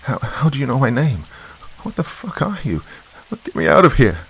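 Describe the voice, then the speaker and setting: A man's voice: mid-range voice, big pitch swings, moderate pace, vocal fry, fairly bright tone, slightly rough, pitched above the performer's own voice, exaggerated voice. A man doing a terrified, trembling young woman. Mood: desperate. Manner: desperate, trembling pleading.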